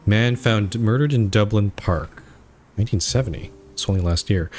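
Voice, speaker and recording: A man's voice: lowish voice, moderate pace, darkish tone, slight background noise. Man thinking aloud over a game. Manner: thinking aloud, reads on-screen text aloud. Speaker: streamer. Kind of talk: let's play commentary.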